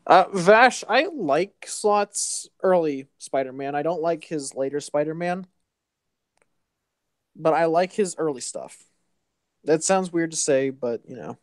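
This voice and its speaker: A man in a relaxed chat, walking a friend through a comic storyline with plenty of fillers and restarts. He stumbles and backtracks as he goes. The recording is dry and close, with no room sound. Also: on the high side, dry recording. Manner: rambling, halting, with restarts and fillers. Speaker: host. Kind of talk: casual comic book recap chat.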